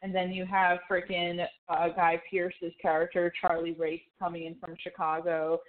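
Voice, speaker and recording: Excitable low-voiced woman, tinny line. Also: normal speed. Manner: excitable, explains background facts with fillers. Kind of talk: casual film chat. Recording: tinny phone-like sound.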